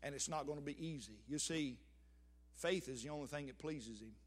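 A man's voice: a little high, brisk. An older man preaching a sermon, with emphatic swells and sudden drops.

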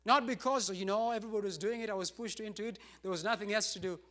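Man, pastor, high voice, emphatic sermon, repeats lines, rising bursts. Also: fast, sharp tone.

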